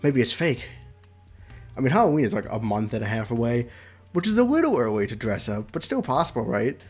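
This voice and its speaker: Brief: chatty young male streamer, mid-pitched voice, game read-along, soft music. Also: sing-song, a little fast, husky. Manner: playful, chatty, laughs between lines. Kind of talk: reading a visual novel aloud with commentary.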